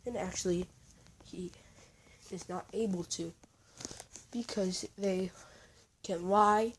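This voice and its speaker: A woman's voice: mid-range voice, steady tone, takes it slowly, pauses often, a little hiss or hum, low-quality recording. A woman casually narrating a fan story in a rambling, chatty way. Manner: rambling, chatty, uses fillers.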